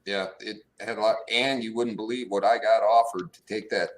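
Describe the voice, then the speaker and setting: A man in casual chat with friends, tossing in quick jokes and laughing often. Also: fairly low pitch, fairly even intonation, rough recording. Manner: joking, quick quips, laughs a lot.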